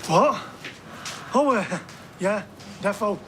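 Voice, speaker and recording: An awkward Northern English lad. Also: male voice, sits high, animated, slow, sharp tone, slight background noise, full character voice. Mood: chatty. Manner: awkward, plain-spoken. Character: shy, good-natured working-class man. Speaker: friend. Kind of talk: TV soap acting.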